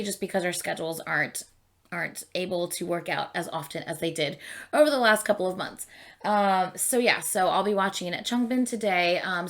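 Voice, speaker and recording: A woman chatting casually as the host of her own reaction channel. She rambles along with plenty of ums and likes, and her middle-height voice has a gravelly fry running through it. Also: mid-range voice, fairly bright tone. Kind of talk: casual chat to camera.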